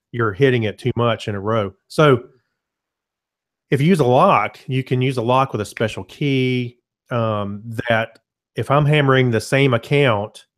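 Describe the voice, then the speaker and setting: In a casual webinar, the presenter walks through software in a laid-back, conversational style, frequently restarting and self-correcting. He keeps clearing his throat, and his middle-pitched male voice is heard via a computer mic on a web call.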